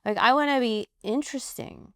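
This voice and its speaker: A woman actress talking animatedly in a casual interview, quick to laugh. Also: on the high side, no echo, studio quality. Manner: animated, chatty, laughs easily.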